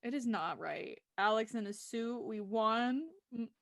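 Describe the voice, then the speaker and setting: A woman co-hosting a casual online show, talking excitedly and emotionally while she reacts to pictures and sighs often. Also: on the high side, a little slow, creaky, dry recording, studio quality. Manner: gushing, emotional, exclaims and sighs. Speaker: co-host of a TV discussion show. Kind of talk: casual chat, reacting to photos.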